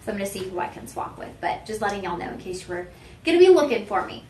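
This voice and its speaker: A woman's voice: mid-range voice, very animated, quick pace, darkish tone, echoey room, slight background noise. A young woman hosting a live shopping show, chatting with viewers and teasing herself. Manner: chatty and self-teasing, talks straight to viewers. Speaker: shopping channel host.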